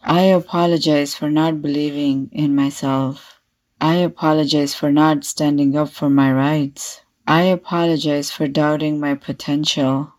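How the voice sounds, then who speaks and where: A woman reading her own written apology to herself as one long, steady list. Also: sits low, a little slow. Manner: steady, repetitive listing.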